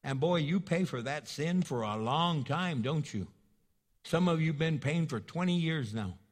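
A man preaching with emphatic, repetitive phrasing and a fairly high voice. He acts out small scenes between his points to draw the congregation in. The sound trails off in a long hall reverb. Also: lively intonation, moderate pace. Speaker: pastor. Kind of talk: sermon.

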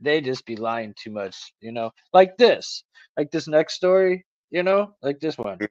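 A man's voice: fairly high pitch, expressive, a little slow, darkish tone, no echo, muffled recording. Slangy man reading news with jokes. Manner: loose, slangy, reads news aloud with joking asides. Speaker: co-host. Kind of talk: casual call-in talk show banter.

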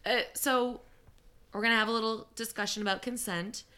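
A woman co-hosting a podcast, chatting casually and reacting with animated gasps. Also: fairly high pitch, a little fast. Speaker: podcast co-host. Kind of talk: casual chat.

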